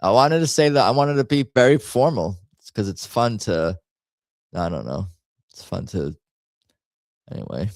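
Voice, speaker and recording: A man's voice: on the low side, expressive, normal speed, pauses often, a little mellow, dry recording, studio quality. A man hosting a live stream, chatting casually in a rambling, jokey way that keeps breaking off mid-sentence. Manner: rambling, self-interrupting, jokey. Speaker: streamer host.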